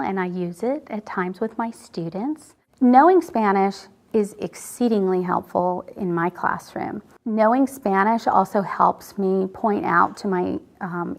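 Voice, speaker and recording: A woman first grade teacher, coaxing her class along and sounding out letters slowly and clearly, with short asides explaining her lessons. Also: mid-range voice. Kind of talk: classroom teaching and interview commentary. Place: elementary classroom.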